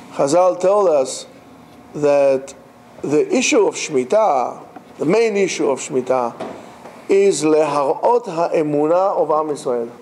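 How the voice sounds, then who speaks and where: Animated man teaching a Torah class. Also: a little high, a little hiss or hum. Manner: animated, mixes in Hebrew terms.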